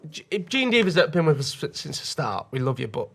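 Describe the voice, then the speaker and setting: Gravelly cheeky man. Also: fairly high pitch, very animated, quick pace, a bit bright. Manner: cheeky, jokey banter. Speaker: podcast co-host. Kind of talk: casual chat.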